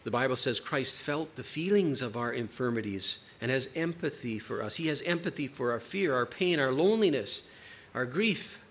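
A man preaching a sermon to a congregation, emphatic, with dramatic pauses. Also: mid-range voice, expressive, a bit bright, a little hiss or hum.

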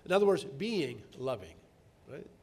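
A middle-aged man preaching a sermon, earnest, slowing down to stress key words and rising to emphatic peaks. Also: mid-range voice, sing-song, darkish tone, husky.

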